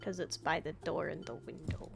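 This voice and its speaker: A woman's voice: deep voice, steady tone, moderate pace, creaky, music in the background. A woman chatting casually to herself while playing a game, swearing offhandedly as she goes. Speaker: let's-play gamer. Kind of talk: casual gameplay commentary.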